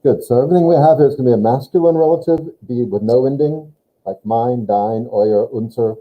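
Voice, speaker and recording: A man's voice: medium pitch, a little fast. A man teaching a German lesson, patiently explaining grammar step by step and prompting a student. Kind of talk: online language lesson. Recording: tinny phone-like line.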